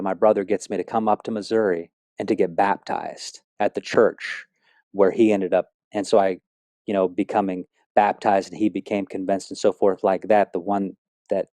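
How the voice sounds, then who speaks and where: A man's voice: deep voice, level tone, normal speed, warm tone, dry recording, studio quality. A middle-aged man telling his personal faith testimony in an earnest, rambling way, with many fillers and restarts. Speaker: speaker sharing a testimony.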